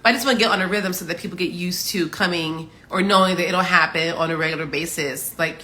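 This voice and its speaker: Her voice sits on the low side, pushed and bright, and she talks fast. Broadcasting from home in her morning voice, this woman hosts a casual livestream, greeting viewers with upbeat chatter and plenty of laughter.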